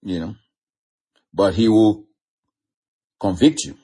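A man preaching a sermon, teaching slowly and emphatically, stretching key words and chuckling now and then. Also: on the low side, mellow, husky. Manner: slow, emphatic teaching with chuckles and varied pace.

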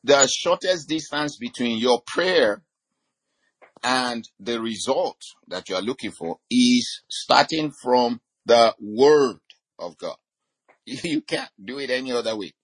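A man preaching a sermon, quoting scripture and filling his talk with "you know", slowing down to stress key words. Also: mid-range voice, animated, breathy edge. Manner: teaching with many "you know" fillers and scripture quotes.

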